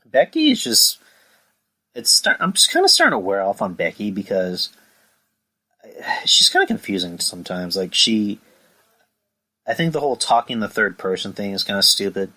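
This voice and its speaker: Brief: profane podcast host, lowish bright voice, rambling and worked up. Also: male voice, wildly swooping pitch, moderate pace, long pauses, poor audio. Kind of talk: casual wrestling review podcast.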